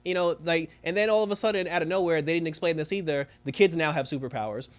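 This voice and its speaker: A man's voice: fairly high pitch, fast talker. A man giving a casual recap of a TV episode, rambling along with many fillers. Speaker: TV show reviewer.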